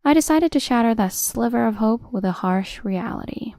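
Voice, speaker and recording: A woman narrating a first-person revenge drama story in a steady, cold storytelling voice. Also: fairly high pitch, moderate pace, dry recording, studio quality.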